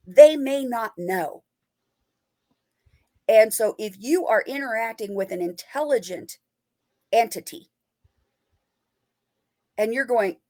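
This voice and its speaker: Animated woman paranormal investigator. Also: fairly high pitch, slow, pauses often. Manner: animated, playful, acts out quoted lines. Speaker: paranormal investigator and author, guest. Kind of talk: casual interview chat.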